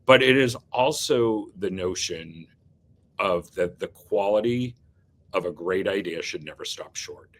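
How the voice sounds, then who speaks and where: Deep low-voiced guy, agency boss in an interview, earnest, stops and restarts a lot, um and like everywhere. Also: animated. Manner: earnest, halting, many fillers and restarts. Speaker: agency leader, guest. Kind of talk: casual interview talk.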